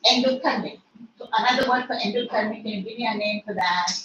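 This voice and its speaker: A woman's voice: medium pitch, quick pace, fairly bright tone, highs cut off. A woman chemistry teacher with an Indian English accent, lecturing an online class in a strict, scolding way and firing questions at her students. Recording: echoey room, distant mic, faint noise.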